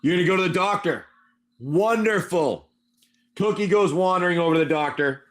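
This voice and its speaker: A man game master narrates a wasteland tabletop adventure on a stream. He talks in a loose, rambling way with plenty of asides and calls on his players by name. His voice sits slightly high for a man. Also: expressive, normal speed.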